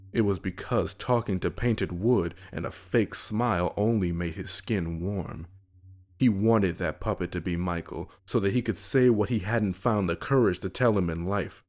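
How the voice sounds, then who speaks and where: Male horror narrator, somber, measured, low voice, unhurried. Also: a little mellow.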